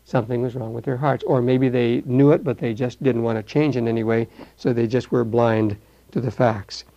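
Older man, Bible teacher, animated, acts out voices, mellow tone, dull lo-fi sound. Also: medium pitch, normal speed.

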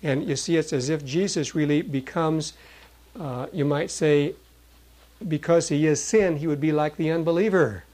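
Guy preaching a sermon, kinda higher voice, earnest, reads verses out loud with punch. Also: poor audio. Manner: earnest, reads scripture aloud with emphasis; restarts and fillers while explaining. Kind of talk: sermon, Bible teaching.

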